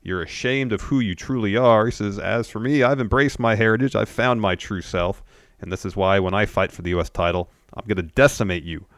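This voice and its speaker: A man co-hosting a casual recap podcast, retelling events in a steady, matter-of-fact way. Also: on the low side, fairly quick, no echo, studio quality. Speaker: podcast co-host.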